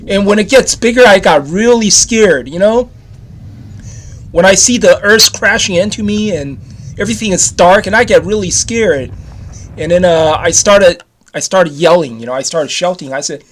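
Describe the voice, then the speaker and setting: High-voiced rambling man in his fifties. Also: fairly bright tone. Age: 50s. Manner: repetitive, restarts often, casual swearing. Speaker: vlogger. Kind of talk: rambling personal story to camera.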